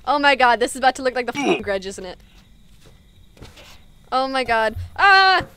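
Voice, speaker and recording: A woman's voice: fairly high pitch, moderate pace, clean tone, dry recording. Goofy foul-mouthed woman streamer. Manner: goofy, loud, swears freely. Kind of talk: let's play commentary.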